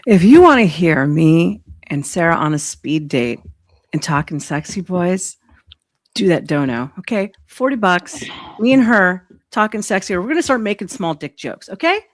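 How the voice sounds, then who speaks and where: Brash, teasing woman with a lively low voice. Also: normal speed, dry recording. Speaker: panelist. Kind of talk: casual live stream chat.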